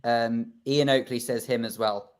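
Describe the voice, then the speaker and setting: A man's voice: medium pitch, fairly even intonation, unhurried. A man co-hosting a radio show from his living room, laid-back and wry. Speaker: radio co-host on a video link. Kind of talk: casual banter on air.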